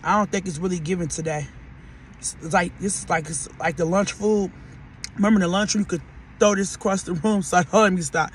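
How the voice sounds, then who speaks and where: A man from Detroit with a Detroit accent, chatting casually to viewers while he eats and reviews fast food, often calling them "y'all". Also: high voice, steady tone, a little hiss or hum. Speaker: podcast host reviewing food.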